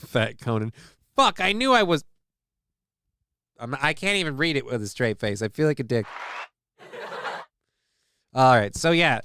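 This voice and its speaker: A man's voice: mid-range voice, sing-song, unhurried, long pauses, sharp tone, clear, resonant tone, no echo, studio quality. A man hosting a casual news show, reading stories aloud and riffing on them with irreverent, profane asides. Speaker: show host.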